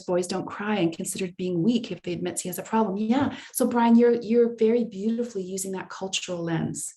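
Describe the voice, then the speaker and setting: A woman's voice: mid-range voice, a little mellow. A woman presenting a live online workshop, answering audience chat comments aloud in a conversational way, often restarting her sentences as she thinks aloud. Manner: frequent restarts and fillers while thinking aloud.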